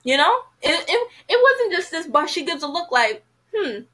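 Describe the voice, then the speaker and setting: A woman's voice: very high-pitched, sing-song, moderate pace, sharp tone, poor audio. A woman casually reviewing a TV episode, chatty and frank, filling her talk with "you know".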